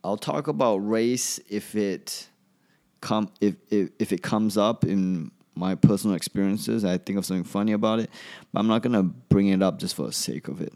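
In a solo podcast monologue, a comedian rambles casually, frequently abandoning sentences and starting them over. He speaks with a fairly low, warm voice at normal speed.

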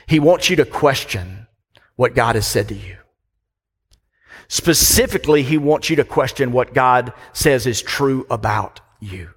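Preaching a sermon, this pastor keeps things easygoing and chatty, often putting questions back to the congregation. His husky, medium-pitched voice has lively intonation, and he speaks a little slowly. A large church hall lends the sound a long reverb.

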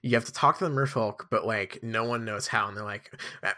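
A man's voice: fairly low pitch, fairly quick, bright, forceful tone. A man co-hosting a podcast in casual chat, rambling and jokey with lots of fillers. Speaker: podcast co-host.

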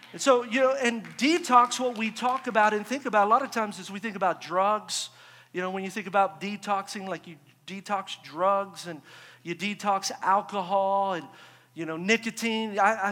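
Male pastor, high voice, energetic sermon, echoey large church. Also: normal speed. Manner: energetic, rhetorical call-and-response.

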